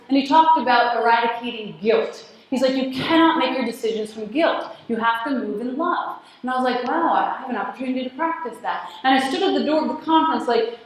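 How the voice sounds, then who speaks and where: A woman telling a personal story in a talk, acting out the dialogue and laughing often. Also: high-pitched. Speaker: speaker at a spiritual community gathering. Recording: very echoey hall.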